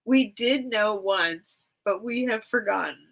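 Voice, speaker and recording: Her voice is mid-range, gravelly yet fairly bright, and a little slow. On a poorly recorded casual livestream, this seller reads a children's book aloud, tearful and nearly crying, filling the gaps between pages with rambling chatter full of "like."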